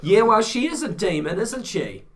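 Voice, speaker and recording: A man with a New Zealand accent doing excitable, joking amateur play-by-play rugby commentary. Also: high-pitched, moderate pace. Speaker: fan commentator.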